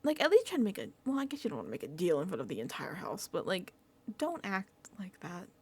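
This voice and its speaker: A young woman chatting casually about a reality show, animated, swearing freely and mimicking people in whiny pleading voices. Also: mid-range voice, fast talker, slightly rough. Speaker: reality TV recap vlogger. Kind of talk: casual reaction chat.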